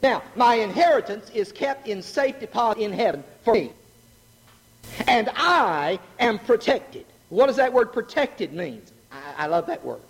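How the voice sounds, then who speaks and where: A middle-aged man preaching a sermon, animated and joking, asking the congregation questions. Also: sits high, normal speed, few pauses, husky. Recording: long hall reverb.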